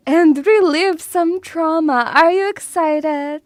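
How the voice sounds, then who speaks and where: A woman's voice: extremely high pitch, slow, few pauses, dry recording. A woman streaming casually, bubbly and teasing, calling her viewers pet names. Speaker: VTuber streamer.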